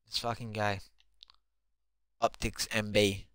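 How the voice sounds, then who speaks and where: Excitable young man swearing at a game. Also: lowish voice, slow, clean tone, no echo. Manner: excitable, swears constantly, shouts at teammates. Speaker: gamer. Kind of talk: live gameplay commentary.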